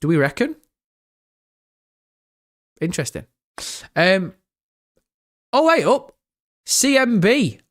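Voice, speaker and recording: Male streamer, slightly high-pitched, casual, swears freely. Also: very animated, takes it slowly, long pauses, fairly bright tone. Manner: chatty, swears freely, talks to chat. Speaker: livestream host. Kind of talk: casual livestream chat.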